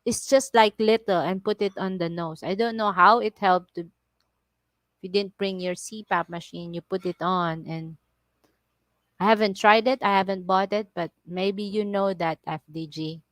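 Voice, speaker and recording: A middle-aged woman with a Filipino accent chatting casually on a livestream, telling stories in animated broken English and laughing often. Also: mid-range voice, moderate pace, dry recording. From Philippines. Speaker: vlogger on a livestream.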